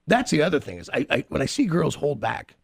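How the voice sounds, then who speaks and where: Male radio host: gravelly, slightly raised pitch, loose profane storyteller, dry studio mic. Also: huge pitch swings, fast talker, dry recording. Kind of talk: crude morning radio banter.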